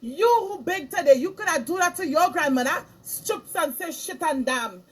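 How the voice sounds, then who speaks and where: A woman's voice: sits high, animated, normal speed. A middle-aged woman, delivering an impassioned moral lecture as a spiritual speaker, scolding and emphatic, repeating her phrases for weight.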